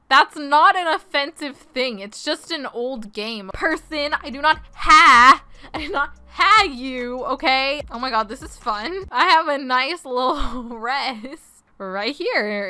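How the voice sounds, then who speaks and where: A young woman with a high, bright and smooth voice gives casual game commentary. She is playful and laughs often as she reads other players' text aloud. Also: no room sound. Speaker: gaming video host.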